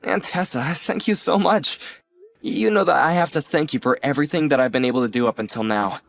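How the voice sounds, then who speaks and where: A man playing a sincere young man who teases his aunt gently and thanks her earnestly. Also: on the high side, brisk, gravelly. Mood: heartfelt. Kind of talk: audio drama acting.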